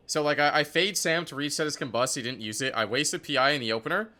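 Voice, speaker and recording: A young man giving casual commentary on his own competitive match, excitable and profane, full of "like" and "dude". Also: on the high side, fast, few pauses. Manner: excitable, profane, filler-heavy talk. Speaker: esports player reviewing his match.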